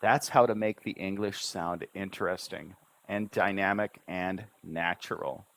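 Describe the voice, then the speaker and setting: A man's voice: deep voice, fairly even intonation, a little slow, gravelly, fairly bright tone. A man teaching English on a livestream, stressing each syllable and drawing out his intonation. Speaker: English tutor. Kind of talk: livestream language lesson.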